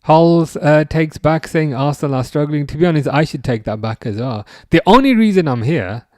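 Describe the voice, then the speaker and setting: A slightly high-pitched man with a darkish tone and lively intonation talks at a normal speed. He's running a football watch-along stream, rambling through casual chat, responding to viewer comments, and frequently starting over. The sound is dry and studio quality.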